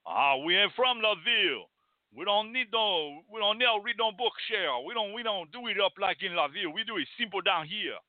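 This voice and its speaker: A man's voice: sits high, lively intonation, normal speed, dry recording, pitched above the performer's own voice. A man voicing a scornful rural bayou man with a dismissive drawl. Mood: scoffing. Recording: tinny, phone-like.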